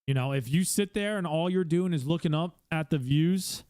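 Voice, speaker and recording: A man's voice: fairly high pitch, moderate pace, darkish tone, no echo. A male streamer hosting his own podcast, giving blunt casual advice with lots of swearing and fillers, talking from a room at home.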